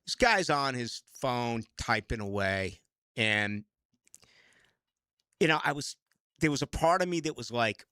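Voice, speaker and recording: A man hosts a sports radio show and rants in a loose, conversational way. His voice is bright and swings widely in pitch. The studio sound is dry and close. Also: unhurried, long pauses, smooth, dry recording. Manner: animated, ranting. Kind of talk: casual radio talk. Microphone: studio microphone.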